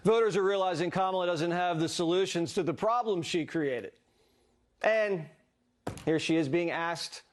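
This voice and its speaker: High-voiced man doing a punchy ad voice-over. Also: normal speed. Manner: sarcastic, punchy. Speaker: political ad narrator. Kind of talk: scripted attack-ad voice-over.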